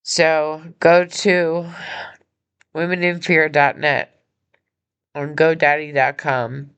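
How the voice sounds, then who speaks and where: A woman hosting her own podcast, speaking from a hospital room in an earnest, halting personal appeal, emotional and injured. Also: low-pitched, flat delivery, fairly bright tone, smooth. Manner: earnest, halting, with many pauses and restarts. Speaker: podcast host and nonprofit founder.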